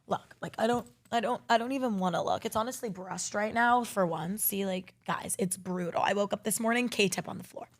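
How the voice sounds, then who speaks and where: A woman's voice: mid-range voice, brisk, hardly any pauses. A young woman hosting a podcast, rambling through her week in casual chat, swearing freely and telling stories with lots of energy. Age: young adult. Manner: rambling, swears a lot, animated storytelling. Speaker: podcast host.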